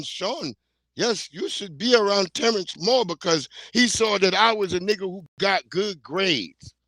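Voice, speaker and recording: A middle-aged New York man hosts a livestream, delivering a blunt, heated, profane rant as casual commentary. His voice sits high with a fairly bright tone, and the recording is dry.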